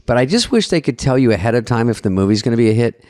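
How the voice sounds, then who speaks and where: A man's voice: medium pitch, very animated, racing, a loud crowd. A middle-aged man co-hosting a podcast, telling a story in a self-mocking way and swearing freely. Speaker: podcast co-host. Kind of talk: casual chat, storytelling.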